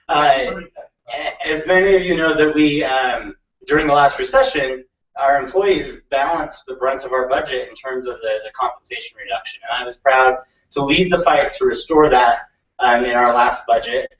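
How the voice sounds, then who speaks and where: A man speaking at a podium mic in a meeting room, making an easygoing campaign pitch with plenty of ums. The sound is roomy and distant, heard as through a dull, lo-fi recording. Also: moderate pace, a bit bright. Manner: informal, chatty, with fillers. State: out of breath. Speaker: county council candidate. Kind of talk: campaign speech.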